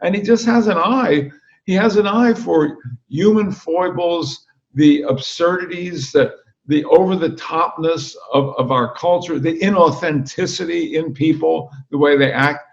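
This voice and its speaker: An older man as an interview guest and author, chatting casually and telling animated anecdotes over a video call. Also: a little high, a little slow, gravelly, muffled recording. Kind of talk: casual chat.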